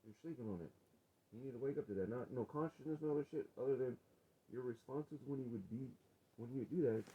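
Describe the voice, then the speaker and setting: A man arguing with his wife on a vlog, profane and confrontational, his voice rising toward yelling. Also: medium pitch, fast, breathy edge, muffled recording. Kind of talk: heated domestic argument on a vlog.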